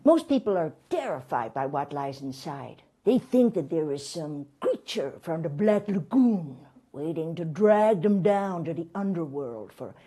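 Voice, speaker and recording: A woman's voice: deep voice, big pitch swings, unhurried, hardly any pauses, mellow, slightly rough, full character voice. Woman playing a smarmy middle-aged male guru. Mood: smug. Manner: smarmy, flirtatious, giggly. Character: lecherous fifty-year-old male European colon guru. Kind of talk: stage comedy sketch.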